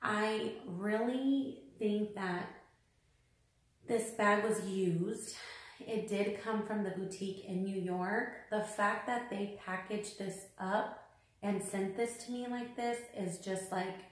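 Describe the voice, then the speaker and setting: An exasperated woman vlogger talks through an unboxing, circling back on the same complaints with plenty of fillers. Her voice sits at an ordinary middle pitch and bounces around an echoey room. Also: fairly even intonation, takes it slowly. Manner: upset, exasperated, repeats herself, many fillers.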